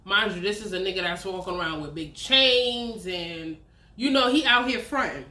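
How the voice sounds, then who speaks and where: A woman's voice: medium pitch, moderate pace, bright, forceful tone. A woman, telling a candid, profane personal story on her vlog. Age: 30s. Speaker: vlogger. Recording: roomy echo.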